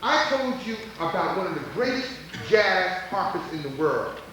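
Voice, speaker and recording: A man's voice: high voice, sing-song, moderate pace, fairly bright tone. A man emceeing a live audience quiz at a college event, teasing contestants playfully and laughing often. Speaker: emcee quizzing audience members. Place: large college event hall. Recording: echoey hall taped from far off, noisy old videotape.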